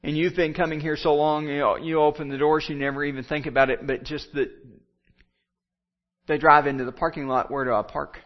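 A man's voice: fairly high pitch, little pitch movement, fairly quick, lo-fi sound. A pastor giving a sermon, building his points through repeated phrases and rising appeals.

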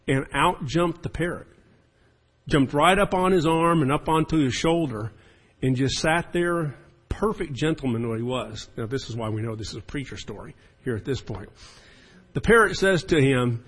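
A man's voice: medium pitch, animated, moderate pace, husky, rough recording. A man preaching a sermon as the pastor, in a folksy and chatty storytelling manner.

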